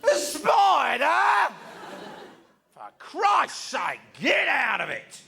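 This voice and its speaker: Give me a man putting on a gruff old East End father-in-law, loud and rough. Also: sits high, expressive, brisk, crowd noise, pitched above the performer's own voice. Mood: angry.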